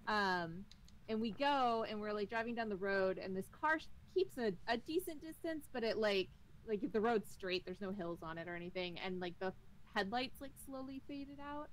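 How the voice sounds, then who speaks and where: A woman's voice: mid-range voice, lively intonation, moderate pace, poor audio. A young woman telling a ghost story in casual chat while playing a game with friends, rambling with many fillers.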